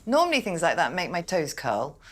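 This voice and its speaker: Low, lively-voiced woman guest. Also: brisk. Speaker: dinner party guest. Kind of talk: casual chat.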